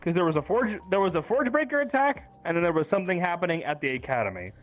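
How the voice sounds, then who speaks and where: A man's voice: high-pitched, fast, soft background music. A man recapping a roleplay session in casual chat, telling it animatedly and swearing often. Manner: animated storytelling, swears often, acts out quotes.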